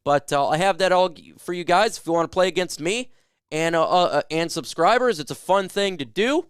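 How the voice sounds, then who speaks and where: A man's voice: high-pitched, lively intonation, fairly quick, clean tone, no room sound, studio quality. Upbeat man hosting a fan livestream. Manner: loose, joking, hyped fan banter. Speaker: sports talk livestream host. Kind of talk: casual live chat answering viewer questions.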